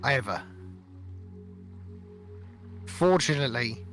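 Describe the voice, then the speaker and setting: A man's voice: medium pitch, expressive, takes it slowly, a bit bright, soft background music. A man voicing a cranky male ship captain who talks bluntly and grumbles. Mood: gruff.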